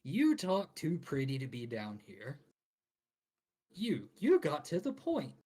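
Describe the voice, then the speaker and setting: Give me a man voicing a blunt, gruff mine owner, husky and loud. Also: fairly high pitch, wildly swooping pitch, slow pace, voice pushed up, exaggerated voice. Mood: scoffing. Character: blunt middle-aged male mine owner.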